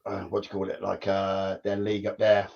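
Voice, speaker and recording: A man's voice: low voice, monotone, brisk, gravelly, a little mellow. A man, a former footballer telling stories in casual chat, rambling and repeating himself. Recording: dull lo-fi sound.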